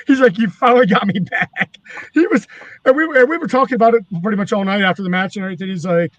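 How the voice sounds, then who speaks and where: A man's voice: high-pitched, huge pitch swings, a little fast, a bit bright, dull audio, slight background noise. A man, a former wrestling manager, telling rambling, profane stories in casual chat. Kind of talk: casual storytelling.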